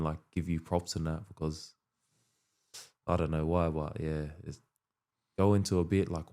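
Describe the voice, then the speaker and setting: Flat deep-voiced young man hosting. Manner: laid-back, says "bro" and "like" often. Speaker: podcast host and rugby league player. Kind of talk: casual interview chat.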